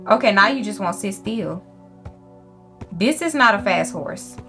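A woman's voice: mid-range voice, lively intonation, unhurried, over music. A young woman giving casual gameplay commentary, brash and profane, scolding the animals in her game. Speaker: gaming YouTuber.

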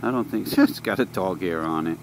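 A man's voice: deep voice, animated, brisk, low-quality recording. Chatty man vlogging from a motorcycle. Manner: rambling, chatty storytelling. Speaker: motovlogger. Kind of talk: casual ride commentary. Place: outdoors on a moving motorcycle. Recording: wind and road noise.

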